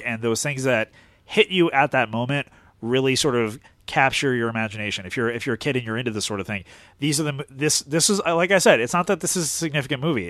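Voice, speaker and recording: A man in his forties chatting on a movie commentary podcast, telling rambling, animated stories with frequent restarts. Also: medium pitch, dry recording. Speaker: podcast co-host. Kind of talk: casual movie commentary chat.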